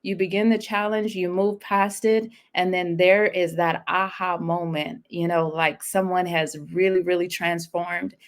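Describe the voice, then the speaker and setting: A fairly low female voice, affirming and reflective. She speaks as an interviewer in a relaxed conversation, reacting warmly before asking her next question. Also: unhurried, few pauses. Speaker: interviewer host. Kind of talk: casual interview talk.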